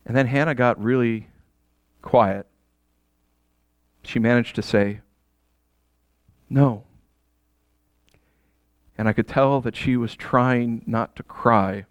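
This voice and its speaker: A man telling a dramatic first-person story monologue to an audience. He swings from quiet asides to exasperated, near-shouted outbursts and throws rhetorical questions at his listeners. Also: mid-range voice, steady tone, a little slow, pauses often, clear, resonant tone, no room sound.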